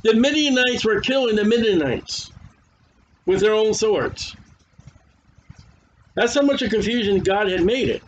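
High-voiced preacher in a sermon. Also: male voice, lively intonation, measured pace, long pauses. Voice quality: says his voice is worn. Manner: conversational, stumbles over hard names. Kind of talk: sermon with Bible reading. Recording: dull lo-fi recording.

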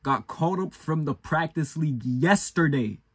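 Brief: young male fan-reactor, lively swooping delivery, slightly high, loud and profane, repeats himself. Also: moderate pace, breathy edge, dry recording. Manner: excitable, profane, repeats phrases while yelling at the game. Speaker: sports reaction host. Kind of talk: live football reaction.

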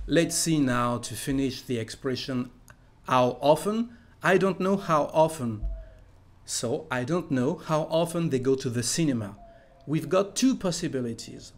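A man teaching a language lesson, patiently repeating each phrase slowly and then fluently. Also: a little high. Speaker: French teacher.

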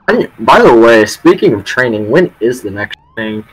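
A man's voice: mid-range voice, very animated, moderate pace, few pauses, slightly rough, poor audio. A man chatting casually over game voice chat, joking crudely and swearing. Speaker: player in voice chat.

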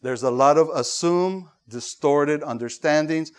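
Male pastor, high voice, animated sermon delivery with restarts and acted-out voices. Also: moderate pace. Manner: animated preaching, acts out voices, many fillers and restarts.

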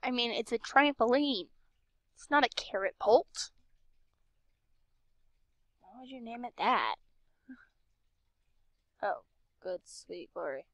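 A woman's voice: a little high, very animated, takes it slowly, pauses often, a bit bright, no room sound. A young woman commenting casually as she plays a game, chatty and sarcastic, talking to herself. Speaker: game streamer.

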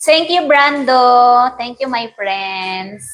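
A woman's voice: fairly high pitch, expressive, slow pace, a bit bright, rough recording. A Filipino woman hosting a casual livestream, chatting, laughing often and greeting viewers by name. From Philippines. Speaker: livestream host. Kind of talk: casual livestream chat reading viewer comments.

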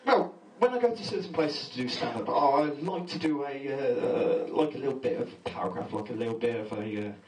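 A man's voice: mid-range voice, expressive, normal speed, hardly any pauses, background noise. Nervous young man doing stand-up in an echoey pub. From England. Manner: nervous, rambling, laughs at own jokes. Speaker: stand-up comedian. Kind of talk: stand-up comedy set. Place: pub function room with a live audience. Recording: distant echoey pub room recording.

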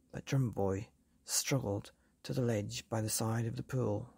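A woman reading a bedtime story aloud in a calm, even way, with a gravelly, husky voice. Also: extremely low pitch, unhurried, no echo.

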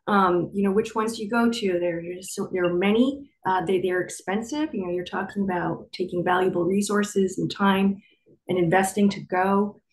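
A woman answering on a webinar panel over a video call, measured and explanatory with fillers. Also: medium pitch, slight background noise, poor audio. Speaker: panelist, marketing professional.

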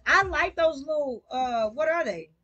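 A woman hosting a livestream, chatting casually and cheering on her teammate with excited, slangy play-by-play. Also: sits high, unhurried, dull audio. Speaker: livestream gamer host. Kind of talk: casual gaming chat.

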